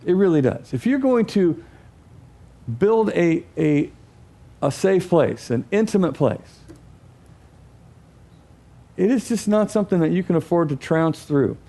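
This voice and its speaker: A man giving a teaching talk to an audience, animated and acting out examples as he speaks. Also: high voice, unhurried, creaky, long pauses.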